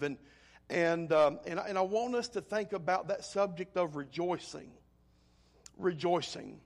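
High-voiced man preaching earnestly. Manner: earnest preaching with repeated words and emphasis. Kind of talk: sermon.

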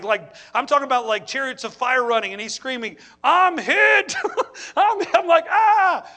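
A middle-aged man preaching a sermon, telling stories in an animated way and acting out his own reactions. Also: extremely high pitch. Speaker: pastor.

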